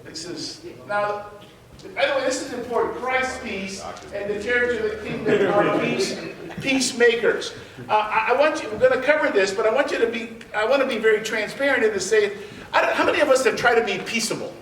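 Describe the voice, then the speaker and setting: A man leads a Bible class in a church sanctuary, animatedly telling personal stories. He speaks briskly, stammers and restarts, laughs while talking, and lowers his voice for effect. The sound is roomy and distant, with slight hiss or hum.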